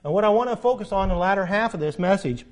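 Male pastor, high-pitched, preaches with fervent swells and soft asides. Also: lively intonation, racing. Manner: swings from loud emphatic preaching to hushed earnest tones. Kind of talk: sermon.

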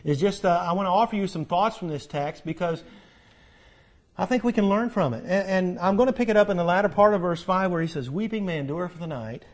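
Male pastor, high-pitched, preaches with fervent swells and soft asides. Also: brisk. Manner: swings from loud emphatic preaching to hushed earnest tones. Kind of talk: sermon.

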